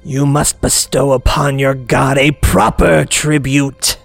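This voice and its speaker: A bossy little goblin who styles himself a god, voiced by a man with a deep, booming, gravelly delivery. He speaks slowly and grandly, demanding worship. Soft music plays behind him. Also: fairly even intonation, no room sound. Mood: grandiose. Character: pompous male goblin self-proclaimed god, bossy.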